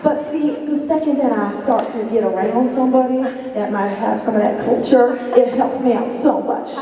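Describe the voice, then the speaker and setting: A woman's voice: fairly high pitch, steady tone, normal speed, warm tone. A woman leading a school choir, chatting to a concert audience in a loose, rambling way with bursts of laughter. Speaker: choir director. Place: school gymnasium. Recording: echoey gym recorded from far off with audience.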